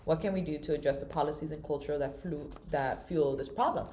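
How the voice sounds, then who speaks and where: A young woman with a somewhat low voice co-presents a class project. She speaks in a chatty, informal way, dropping slangy asides between the points she reads. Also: fairly quick, mellow, slight background noise. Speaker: student presenter.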